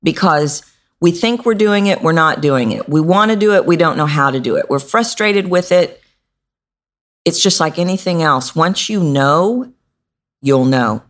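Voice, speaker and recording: A middle-aged woman hosting a podcast as a voice coach. She talks in an animated, demonstrative way and swoops up in pitch to stress words. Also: measured pace. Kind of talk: instructional podcast talk.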